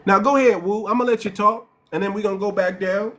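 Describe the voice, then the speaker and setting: A man with a New York accent hosts a heated live-stream debate. His voice sits high for a man, and he lectures emphatically and repeats his points. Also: fairly even intonation, quick pace, hardly any pauses, a bit bright. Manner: emphatic, repetitive, lecturing, keeps saying ma'am.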